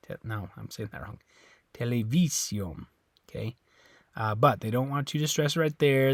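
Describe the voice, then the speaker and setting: A man's voice: mid-range voice, dry recording, clean studio sound. A man teaching a Spanish lesson in an informal way, often correcting himself and checking in with "okay?". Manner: informal, repeats words, corrects himself, ends phrases with "okay?". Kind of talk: recorded classroom lesson.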